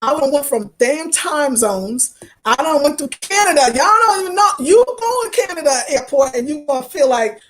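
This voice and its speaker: High-voiced expressive woman chatting with viewers. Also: moderate pace, a little hiss or hum. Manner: expressive, emotional, talks to viewers as y'all. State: tired from travel. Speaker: travel vlogger reading live chat. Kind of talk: casual livestream chat.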